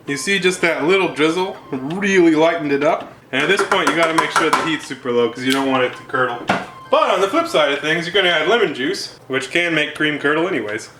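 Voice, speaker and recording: A man's voice: a little high, pushed and bright. A man hosting a casual cooking vlog, laid-back and jokey, rambling as he cooks. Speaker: cooking show host. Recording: roomy sound with background music.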